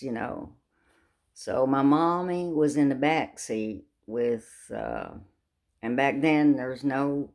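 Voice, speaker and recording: A woman's voice: rumbling low, a little mellow. An older woman telling a funny family story in a folksy way, with sound effects. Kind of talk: casual storytelling.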